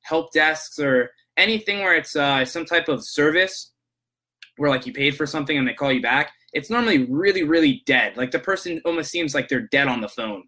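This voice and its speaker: A man's voice: fairly high pitch, lively intonation, normal speed, bright, forceful tone. A man hosting a podcast, telling work stories in a casual, rambling way with many restarts, then turning earnest and motivational. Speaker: podcast host. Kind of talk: casual monologue, storytelling about work calls.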